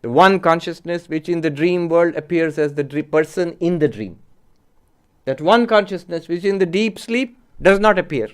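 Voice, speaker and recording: A man, a monk and spiritual teacher, giving a measured philosophy lecture and stressing points with rhetorical questions to his listeners. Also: on the high side, lively intonation, clear, resonant tone.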